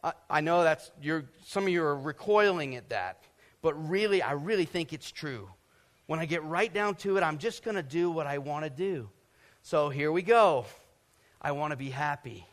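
A middle-aged pastor from Georgia delivers a sermon to a congregation from the stage, his voice pitched on the high side. He drifts into lively personal stories, acting out scenes and adding playful sound effects. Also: moderate pace. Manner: animated storytelling, acts out scenes and sound effects. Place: stage before a live congregation.

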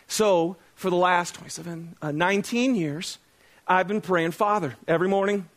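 Middle-aged guy pastor, fairly high voice, chatty sermon, pokes fun at himself. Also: moderate pace, a bit bright. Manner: conversational, self-deprecating, asks the congregation questions.

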